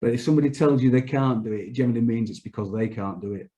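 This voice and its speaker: Mellow-voiced male business guest. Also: mid-range voice, racing. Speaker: company CEO, guest. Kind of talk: interview answers.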